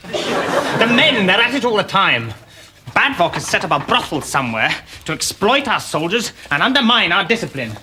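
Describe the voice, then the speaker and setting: An actor playing an excitable, flustered Roman aide who stumbles over his words. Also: high voice, moderate pace, slight background noise, heavily acted. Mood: agitated. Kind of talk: sitcom acting.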